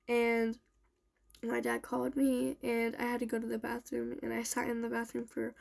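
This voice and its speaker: A woman's voice: on the high side, vocal fry, darkish tone, poor audio. A young woman who is a bit sick tells a personal story in a casual, rambling way, with many "like" and "um" fillers. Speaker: storytime vlogger.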